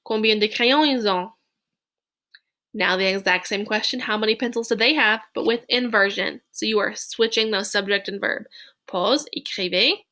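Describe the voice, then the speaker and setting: A woman teaching a recorded French lesson. She reads French phrases slowly for dictation, then explains them in chatty, playful English. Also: medium pitch, sharp tone.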